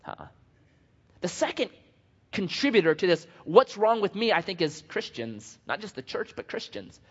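A man's voice: high voice, moderate pace, slightly rough. A male pastor giving a casual, conversational sermon, acting out quotes and joking at his own expense. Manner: animated, conversational and self-deprecating, acting out quotes. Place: church sanctuary. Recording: dull lo-fi audio in a long-reverb church hall.

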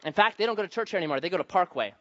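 A man's voice: high-pitched, expressive, racing, muffled recording. A male pastor preaching a sermon in a conversational, emphatic way, mixing teaching with personal stories. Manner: conversational, emphatic, varies loudness for stress. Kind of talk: sermon with anecdotes.

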